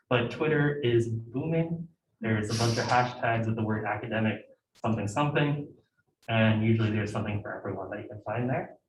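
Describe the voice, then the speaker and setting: A man's voice: on the low side, slight background noise. A young man giving an informal talk to a student club, conversational and full of fillers. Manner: conversational, filler-heavy, self-interrupting. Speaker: guest speaker at student club meeting. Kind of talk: informal presentation. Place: lecture room. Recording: echoey room heard from a distance.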